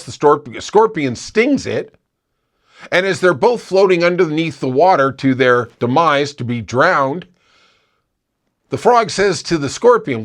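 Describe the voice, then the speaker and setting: A man's voice: on the high side, a bit bright. A man hosting a political podcast, delivering opinionated commentary with sarcastic, mocking asides.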